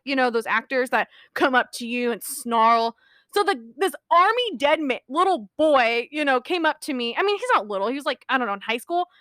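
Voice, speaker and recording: A young woman co-hosting a podcast tells a rambling, giggly story in a casual storytelling chat, often laughing mid-sentence. Her high voice is pushed and bright, with no echo.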